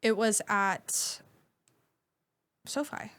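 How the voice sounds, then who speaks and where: A woman's voice: mid-range voice, very slow, a bit bright, smooth. A woman in her thirties, a singer guest on a podcast, chatting casually and telling stories with lots of fillers and restarts. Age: 30s.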